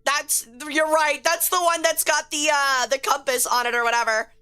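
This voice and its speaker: Excitable woman streamer, high sharp voice, cussing a lot and chatting w viewers. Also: moderate pace. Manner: excitable, swears a lot when frustrated, chats with viewers. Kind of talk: casual live-stream game commentary.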